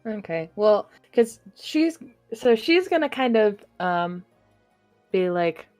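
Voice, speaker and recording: A woman player describing her character's actions in a tabletop game. She talks slowly and chattily, voice in a middle range, with a close, dry sound and faint music behind. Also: mid-range voice, big pitch swings, a little mellow, no room sound. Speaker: player and channel host. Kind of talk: casual tabletop game play.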